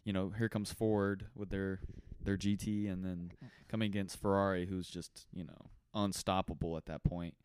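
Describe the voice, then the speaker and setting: A man's voice: low-pitched, flat delivery, moderate pace, hardly any pauses, a little mellow, clear, resonant tone, no room sound. A young man co-hosting a podcast, chatting about a film with enthusiasm and lots of fillers. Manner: enthusiastic, rambling with many fillers. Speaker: podcast co-host. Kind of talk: casual chat.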